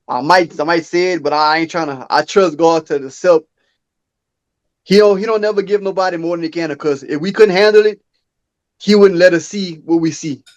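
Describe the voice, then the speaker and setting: A man, co-hosting a podcast and telling an earnest story. He talks casually and acts out quoted dialogue. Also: on the high side. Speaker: podcast co-host.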